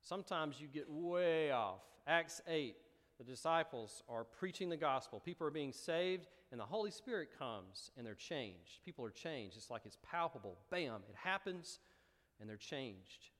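Animated male pastor in an echoing hall. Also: medium pitch, moderate pace. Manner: animated storytelling with rising emphasis. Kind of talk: sermon. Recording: long hall reverb.

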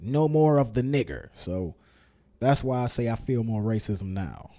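Mellow-voiced man, blunt podcast co-host. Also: mid-range voice, lively intonation, a little slow. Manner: blunt, emphatic, swears freely. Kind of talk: casual chat.

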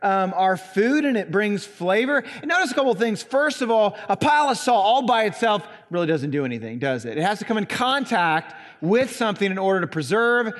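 A pastor with a Southern Indiana accent delivers an emphatic sermon, leaning on single words. His voice sits high for a man. The sanctuary leaves a long reverb trailing behind him. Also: sing-song, fairly quick, hardly any pauses. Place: church sanctuary.

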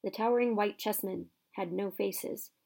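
Woman reading a kids fantasy book out loud, expressive, does the voices. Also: medium pitch, normal speed, creaky. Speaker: narrator. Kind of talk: reading a children's fantasy novel aloud.

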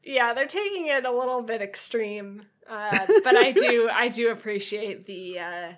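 A woman's voice: fairly high pitch, expressive, unhurried. A woman co-hosting a casual podcast chat, chatty and full of fillers. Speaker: podcast co-host.

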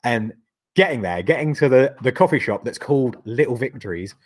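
A man's voice: mid-range voice, animated, fairly quick. Sweary rambling male podcast co-host. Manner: rambling, sweary, laughs often. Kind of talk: casual chat.

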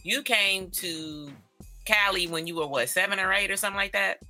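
A woman's voice: medium pitch, moderate pace, pushed and bright, faint music behind. A woman from Northern California co-hosting a podcast in casual chat, slangy and laid-back, laughing often. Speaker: podcast co-host.

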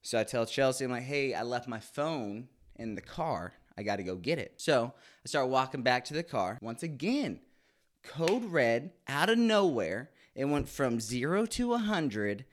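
A man's voice: medium pitch, very animated, a little slow. A man in his late twenties telling a candid, crude, comic story with lots of swearing in a casual monologue. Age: 20s. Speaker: podcast host.

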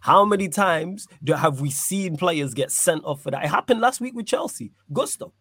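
A man's voice: on the high side, animated, moderate pace, fairly bright tone, no echo. Emphatic man debating football, dry sound. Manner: emphatic, asks and answers his own questions. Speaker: football pundit on a live stream. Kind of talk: casual debate.

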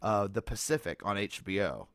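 A man's voice: fairly low pitch, sing-song, moderate pace, smooth, no room sound. A man co-hosting a podcast, casually chatting in an easygoing way. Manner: easygoing, knowledgeable film talk. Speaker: podcast co-host. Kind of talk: casual chat.

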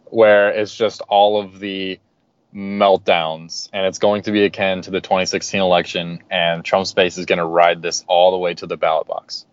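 A man appearing as a guest on a political podcast, making his points in a steady, earnest way. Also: sits low, moderate pace. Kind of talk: casual political podcast chat. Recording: dry, dull lo-fi audio.

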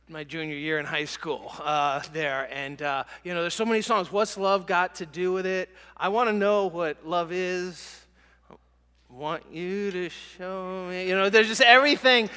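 A man's voice: a little high, pushed and bright, long reverb tail. A middle-aged man giving a sermon as a pastor, telling stories conversationally with many fillers and restarts. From American South.

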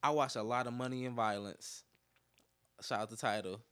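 A man's voice: medium pitch, steady tone, moderate pace, fairly bright tone, smooth. A man in casual chat, joking and prodding the others with cheeky questions.

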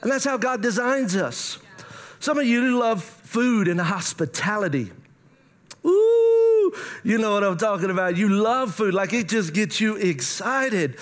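A middle-aged man preaching, animated and conversational, with playful asides to the congregation. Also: sits high, moderate pace. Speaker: pastor. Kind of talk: sermon.

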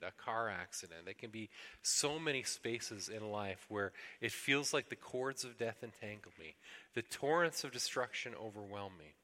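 A man's voice: fairly low pitch, pushed and bright, in a large hall. A man preaching a sermon earnestly, now and then acting out pleas to God in a raised voice. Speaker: pastor.

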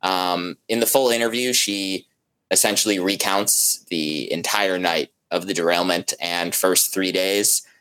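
A man, a journalist, talking as an interview guest in a halting, conversational way. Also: deep voice, fairly even intonation, a bit bright, clear, resonant tone, low-quality recording. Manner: halting, many fillers and restarts, conversational.

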